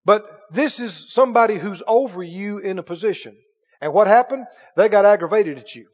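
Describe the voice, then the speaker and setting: A man's voice: high voice, long reverb tail, highs cut off. A man preaching a sermon as pastor, emphatic, leading the congregation in call-and-response and acting out quoted voices.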